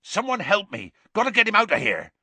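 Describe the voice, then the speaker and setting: Man doing Hagrid, a booming gruff giant. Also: lively intonation, slow pace, bright, forceful tone, no room sound, heavily acted. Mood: alarmed. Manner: booming, roaring. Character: huge gruff kind-hearted groundskeeper.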